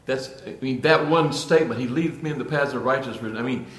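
Earnest preacher in an echoey room. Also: male voice, medium pitch, fast. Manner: earnest, repeats and restarts phrases, rises to emphatic peaks. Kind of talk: sermon.

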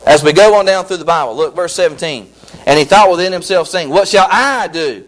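A man preaching a sermon as pastor, excitable and repetitive, with frequent restarts. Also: high voice, a little fast, poor audio.

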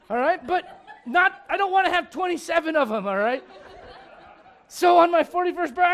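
A man in his forties, a pastor preaching a sermon in a church with joking, animated storytelling. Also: extremely high pitch, brisk. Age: 40s.

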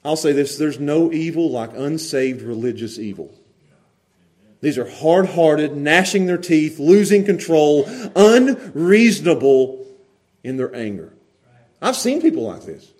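A high-voiced man preaches. He swings from hushed asides to loud, shouted lines, and laughs often as he tells his stories. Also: lively intonation, measured pace. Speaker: pastor. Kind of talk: sermon.

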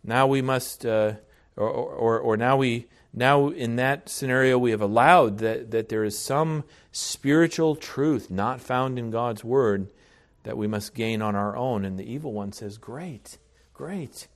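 A man preaching a sermon in an earnest, deliberate way, often restarting his phrases. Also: medium pitch.

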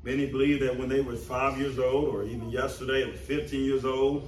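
A man's voice: mid-range voice, little pitch movement, a little fast, a little hiss or hum. A man preaching a sermon as pastor, emphatic and repeating phrases for stress. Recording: roomy, distant mic, faint ambience.

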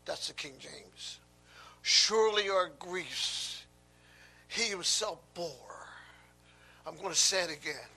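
A man delivers a sermon in a high, bright voice. He takes it slowly and asks the congregation to answer him back. His delivery swings from hushed whispers to loud, stressed lines. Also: vocal fry, breathy edge. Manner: call-and-response preaching, swinging from hushed whispers to loud emphasis. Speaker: pastor.

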